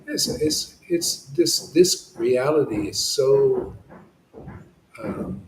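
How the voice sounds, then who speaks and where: A man's voice: medium pitch, sing-song, very slow, roomy sound, a little hiss or hum, rough recording. A man giving an informal devotional satsang talk, rambling and impassioned, with frequent restarts and asides. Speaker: devotional speaker.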